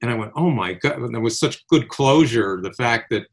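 An older man casually telling long, rambling personal anecdotes, animated, with restarts and quoted dialogue. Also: medium pitch, a little fast. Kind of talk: casual conversational storytelling.

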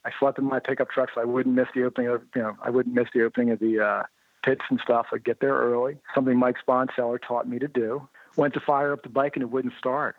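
A man being interviewed, telling motorcycle racing anecdotes in a lively way and acting out the dialogue he quotes. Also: medium pitch, fast, dry recording. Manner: lively storyteller who acts out quoted dialogue. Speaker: interview guest, motorcycle writer. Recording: narrow phone-like line, dry.

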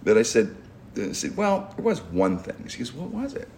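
A man's voice: on the low side, sing-song, normal speed, a little mellow, slight background noise. A middle-aged man, hosting a podcast and telling a long rambling story with restarts and stumbles. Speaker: podcast host. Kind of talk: casual storytelling chat.

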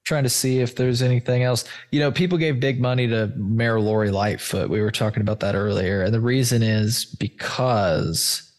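A man's voice: mid-range voice, fairly even intonation, normal speed. A man hosting a casual screen-share chat, loose, stoned and a bit profane as he walks through search results. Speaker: host.

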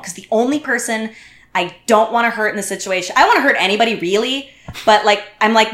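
Bright, animated woman in an echoey room. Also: on the high side, quick pace. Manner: animated, acts out quotes, many restarts. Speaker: podcast guest. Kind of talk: casual storytelling chat.

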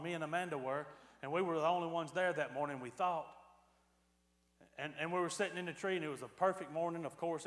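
Man, pastor, high-pitched, animated storyteller; echoey hall. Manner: animated storytelling, swings from quiet to loud. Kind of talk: sermon with a personal story.

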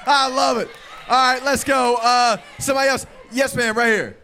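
A male youth pastor preaching a lively, crowd-engaging sermon with a high, bright, ringing voice. He is playful and energetic, joking with the room and calling out loudly to his listeners. He speaks into a handheld microphone in a youth service hall. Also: moderate pace.

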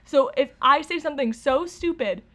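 A woman's voice: high voice, normal speed, fairly bright tone. A young woman chatting casually as a podcast co-host, sounding nervous, rambling with fillers and restarts and laughing often. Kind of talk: casual chat.

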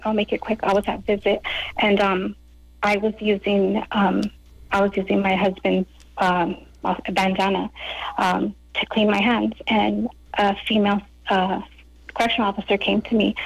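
A woman's voice: medium pitch, level tone, moderate pace, vocal fry, dry recording, rough recording. A woman, the wife of a prisoner, giving a personal account as a guest on a live radio program, with many fillers and bits of retold dialogue. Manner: fillers, retells scenes in quoted dialogue.

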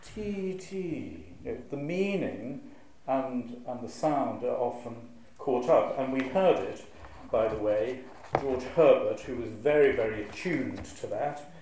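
A clergyman gives a lively, wry talk to an audience and beats out the rhythm of the verse he recites. His voice is mellow and warm. He was recorded in a large, very echoey church hall with a faint hum of room noise behind him. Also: mid-range voice, measured pace. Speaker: clergyman giving a talk on preaching. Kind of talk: lecture to a live audience.

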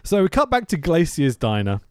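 Man, podcast co-host, lively and expressive, bit high, dry close sound. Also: brisk, clear, resonant tone, dry recording. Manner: animated, laughing, swearing, acting out scenes. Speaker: podcast co-host recapping a film. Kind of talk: casual chat.

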